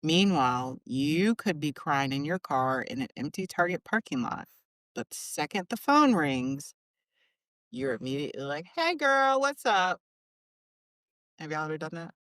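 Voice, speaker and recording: A woman's voice: low-pitched, normal speed, no echo. Lady hosting a podcast, chatty and jokey, dry close mic. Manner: laughs often, playful and chatty. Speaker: podcast host. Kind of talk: casual podcast chat.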